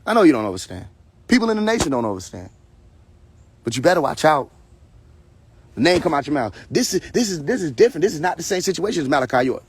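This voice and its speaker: A man's voice: on the high side, sing-song, fast, pauses often, husky. A man hosting a live stream, ranting in a confrontational, preachy way, full of profanity and repeated phrases, talking from a phone. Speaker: livestream host. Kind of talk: heated casual rant on a live stream.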